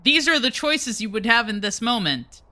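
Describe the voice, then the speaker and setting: A woman in casual chat about a game with her friend, laid-back and quick to laugh. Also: fairly high pitch, lively intonation, sharp tone. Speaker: co-host friend.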